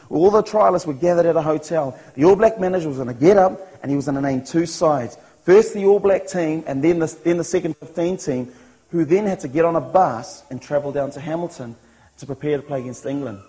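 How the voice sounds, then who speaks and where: A man's voice: a little high, darkish tone, poor audio. A man with a New Zealand accent telling his personal testimony as a sermon, earnest, acting out his own thoughts along the way. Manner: earnest storytelling, voicing his own thoughts, chuckles at himself. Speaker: speaker giving a personal testimony.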